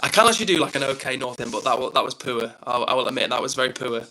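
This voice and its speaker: A man's voice: medium pitch, racing, bright, forceful tone, poor audio. A young man hosting his own live stream, chatting casually and reading out viewer comments in an upbeat, self-deprecating way.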